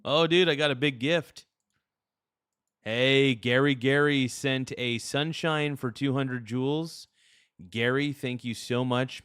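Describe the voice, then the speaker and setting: A man's voice: mid-range voice, takes it slowly, a bit bright, clear, resonant tone, no echo, studio quality. A man hosting a livestream, chatting casually and crudely while thanking viewers for gifts. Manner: rambling, joking, crude. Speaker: livestream host.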